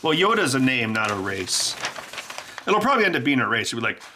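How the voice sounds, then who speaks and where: A man hosting a casual vlog, animated and jokey with frequent laughter. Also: mid-range voice, fairly quick, slight background noise. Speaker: tech YouTuber.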